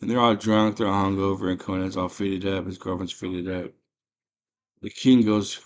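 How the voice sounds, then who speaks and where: A man casually retelling a movie plot in rough slang, breaking into loud put-on voices for the characters. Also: fairly low pitch, steady tone, brisk. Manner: rough slangy street talk. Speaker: movie chat host.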